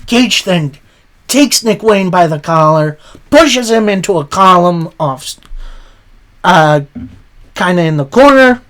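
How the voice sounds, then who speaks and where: Slow-talking man recapping wrestling. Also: sits high, animated, fairly bright tone. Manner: conversational, retells promos in his own words; reacts openly with surprise. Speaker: wrestling show recap host. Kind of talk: casual weekly recap.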